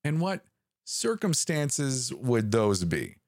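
A man voicing a creature calling over the radio, pleading at first and then taunting and menacing, with a raspy edge. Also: mid-range voice, wildly swooping pitch, slow, no echo, clean studio sound, pitched above the performer's own voice, full character voice.

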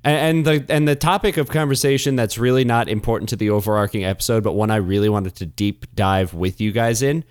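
A man's voice: lowish voice, a little fast, few pauses, clean tone, dry recording, clean studio sound. A man co-hosting an improv comedy podcast, rambling earnestly into side topics in casual banter.

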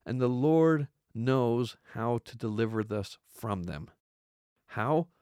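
A man's voice: mid-range voice, lively intonation, takes it slowly, dark tone, clear, resonant tone, dry recording. A man hosting a podcast, giving an earnest religious study talk and often repeating words as he stresses points. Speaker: podcast host teaching scripture.

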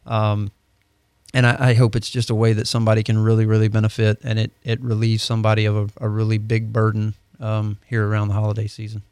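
A man's voice: on the low side, fast, smooth, no room sound. A man who is a heating and air-conditioning expert, explaining things steadily on a radio talk show. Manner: steady, explanatory, with filler ums. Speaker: HVAC company guest expert. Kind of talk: casual radio chat.

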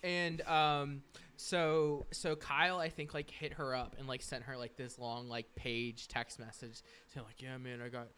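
A man's voice: mid-range voice, little pitch movement, measured pace, bright, forceful tone, a little hiss or hum. A young man hosting a podcast, chatting casually and telling rambling, profane stories, often mimicking coworkers. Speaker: podcast host. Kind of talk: casual chat.

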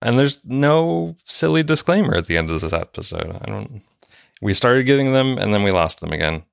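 A man's voice: on the low side, big pitch swings, normal speed, creaky, dry recording, studio quality. A man co-hosting a podcast, laid-back and laughing easily in casual chat. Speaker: podcast co-host.

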